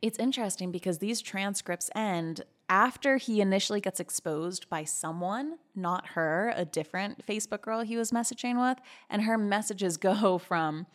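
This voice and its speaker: A woman's voice: medium pitch, normal speed, hardly any pauses. A woman hosting a podcast, giving candid, chatty commentary while she reads messages aloud. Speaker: podcast host.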